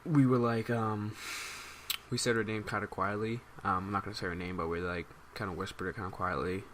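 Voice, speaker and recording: A man's voice: on the low side, steady tone, fairly quick, a bit bright, a little hiss or hum. A man telling a rambling, amused story as casual commentary for his gaming channel. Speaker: gaming YouTuber.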